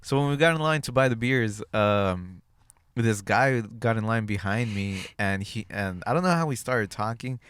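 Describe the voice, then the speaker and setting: A man's voice: fairly low pitch, expressive, normal speed, a bit bright, clear, resonant tone. Rambling young man telling a story. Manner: rambling storyteller, many fillers and restarts. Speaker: podcast co-host. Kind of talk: casual chat.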